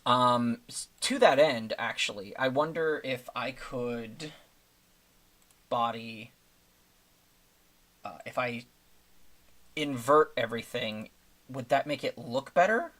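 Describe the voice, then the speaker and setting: This casual male streamer has a mid-range, fairly bright voice, a slow pace, and frequent pauses. He makes thumbnails while rambling through the work on a live stream, thinking aloud with lots of fillers.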